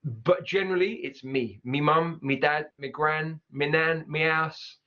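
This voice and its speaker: A man gives a cheerful online pronunciation lesson, his voice sitting a touch high. He stops to repeat example words slowly so each sound comes through. The recording is dull and lo-fi. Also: sharp tone. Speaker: English teacher.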